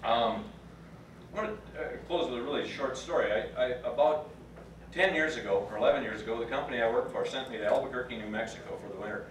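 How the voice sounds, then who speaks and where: A man's voice: mid-range voice, fast talker, slight background noise. A plain-spoken man in his fifties tells a story to a reunion crowd in a folksy way. His voice sits in a middle register and echoes around a large room, picked up from some distance. Faint room ambience hums underneath. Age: 50s. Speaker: reunion speaker. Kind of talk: storytelling speech to an audience.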